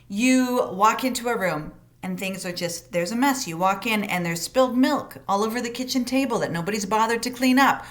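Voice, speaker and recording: A woman with a slightly high voice leads a parenting course session. She talks in an encouraging, expressive way, speeding up in quick bursts and leaning hard on key words. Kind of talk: recorded course session, teaching.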